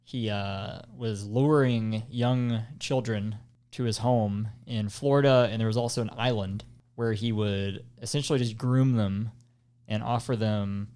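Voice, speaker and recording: A man's voice: fairly low pitch, steady tone, a little slow, a little mellow, clear, resonant tone. A man co-hosting a casual podcast chat, explaining things at length with lots of ums and restarts. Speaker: podcast co-host.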